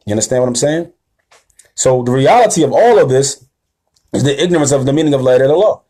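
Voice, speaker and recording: A man's voice: a little high, animated, fast talker, long pauses. A man giving a sermon-style religious lecture, emphatic and slangy, often checking in with his listeners. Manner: rousing, rising and louder at the call to action. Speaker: religious teacher.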